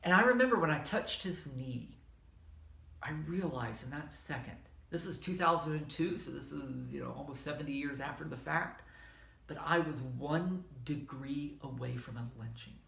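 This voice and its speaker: A man's voice: fairly high pitch, moderate pace, creaky. A middle-aged man with a Southern American accent giving an informal, conversational history lecture, correcting himself as he goes. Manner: conversational, self-correcting, animated asides. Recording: echoey room.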